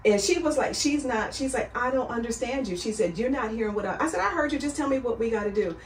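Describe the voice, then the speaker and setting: A woman's voice: on the high side, lively intonation, fast, a little hiss or hum. A middle-aged woman in casual conversation, telling her story earnestly and coming alive when she quotes other people. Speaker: guest. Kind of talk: casual chat. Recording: roomy sound, far from the mic.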